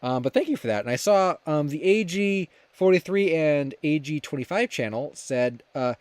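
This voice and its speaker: Young male streamer, slightly high voice, loose rambling chat with viewers, many ums. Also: lively intonation, normal speed, few pauses, darkish tone, smooth, dry recording. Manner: rambling, many fillers and restarts, reads chat aloud. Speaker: livestream host. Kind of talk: casual livestream chat.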